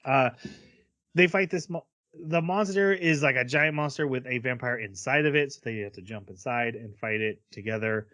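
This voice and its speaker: Man, podcast co-host, casual recap chat, rambling, mid-pitched voice, dry sound. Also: bright, forceful tone, no room sound. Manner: rambling recap with quick acted-out character quotes.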